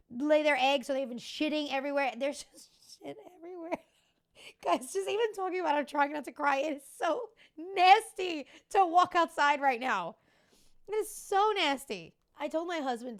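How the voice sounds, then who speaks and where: A woman's voice: sits high, clear, resonant tone. A woman in her thirties hosting a podcast, talking casually, candid and confiding, with the odd swear word. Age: 30s. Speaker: podcast host. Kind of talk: casual chat.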